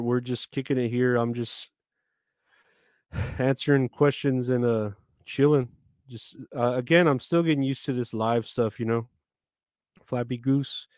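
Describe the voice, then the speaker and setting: A man's voice: mid-range voice, a little mellow, dry recording, studio quality. A man chatting casually on a live stream, rambling, swearing often and reading out names from the chat.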